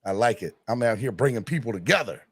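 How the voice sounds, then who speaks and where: A man from North Carolina with a Southern accent, hosting a casual call-in sports chat, chummy and animated. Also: fast, husky, no echo. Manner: animated, chummy, drifts from loud to low. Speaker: podcast host.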